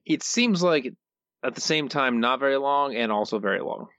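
A man's voice: medium pitch, expressive, normal speed, a bit bright, no room sound. A man co-hosting a podcast, making dry, wry remarks. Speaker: podcast co-host. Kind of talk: casual review chat. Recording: slightly muffled lo-fi mic.

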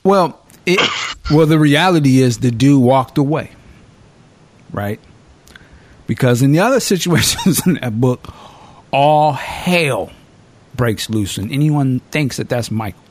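A man hosting a casual podcast, spinning stories with lively energy and dropping curse words without a second thought. His voice sits at an everyday middle pitch, and his delivery stays loose and conversational. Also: unhurried, pauses often. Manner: animated storyteller, swears freely. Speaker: podcast host.

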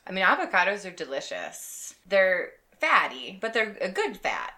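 A woman co-hosting a show, chatting casually and a bit hesitantly, her sentences often trailing off softly. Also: mid-range voice, big pitch swings, moderate pace. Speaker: co-host. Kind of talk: casual chat.

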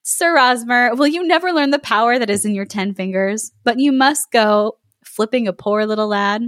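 A woman's voice: a little high, moderate pace, fairly bright tone, dry recording, studio quality, natural voice. A woman reading aloud as a young captive woman who pleads anxiously. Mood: pleading.

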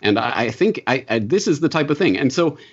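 A man answering as a podcast guest, talking in a measured, explanatory way with frequent "uh" and "um". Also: medium pitch, very animated, slightly rough. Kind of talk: conversational interview answer. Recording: dull lo-fi podcast audio.

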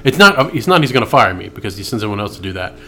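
A man's voice: fairly low pitch, sing-song, very fast, sharp tone, a little hiss or hum. A man co-hosting a podcast in casual chat, telling rambling stories with profane asides. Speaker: podcast co-host.

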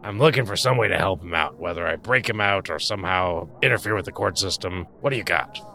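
A man's voice: low voice, quick pace, vocal fry, bright, forceful tone. A man playing a character in a tabletop role-playing game, with polite, wry in-character narration. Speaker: player.

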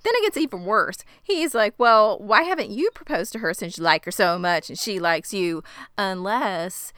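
Woman recapping a show, clear crisp voice, dry close sound, swears when annoyed. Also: mid-range voice, normal speed, dry recording. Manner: expressive, outraged asides, swearing. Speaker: podcast co-host recapping a TV episode. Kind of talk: casual chat, retelling scenes.

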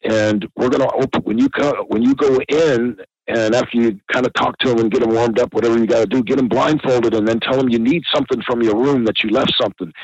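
A man's voice: medium pitch, breathy edge, no echo, dull audio. A man, a podcast guest, telling a rambling anecdote and laughing often.

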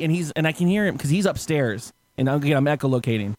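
A man's voice: fairly high pitch, fast, few pauses. A man telling a story in a casual podcast chat, laughing often and acting out the people he quotes. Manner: animated, laughing, acts out quotes loudly.

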